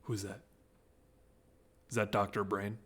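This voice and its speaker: A man's voice: lowish voice, flat delivery, a little slow, a bit bright, breathy edge. A man giving casual let's-play commentary, rambling, joking and breaking off his own sentences. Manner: rambling, joking, self-interrupting. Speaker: gaming video commentator.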